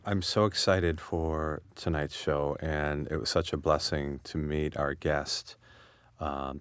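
A man's voice: very deep voice, no room sound. A man co-hosting a radio talk show, thoughtful and reflective, with many fillers and restarts. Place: radio studio.

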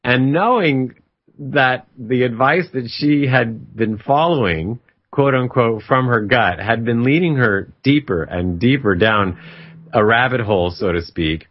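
A man's voice: mid-range voice, expressive, a little slow. A man casually telling a story in an emphatic, reflective way, often retelling a conversation. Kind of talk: casual spoken storytelling monologue. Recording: slightly dull lo-fi recording.

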